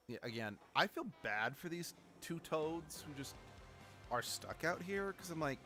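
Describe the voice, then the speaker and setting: A man's voice: a little high, expressive, measured pace, music in the background. A man streaming a video game, chatting casually and joking as he plays. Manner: joking, reads game lines in put-on voices. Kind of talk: casual let's-play commentary.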